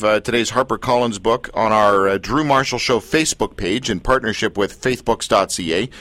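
A man's voice: on the low side, a bit bright, no echo. A male radio show host interviewing a guest in a joking, teasing way, laughing often.

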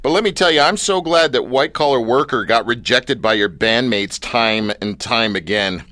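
Bright-voiced excitable male host. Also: medium pitch, normal speed, no echo. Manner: excitable, enthusiastic fan, slangy. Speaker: interview host. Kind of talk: casual interview chat.

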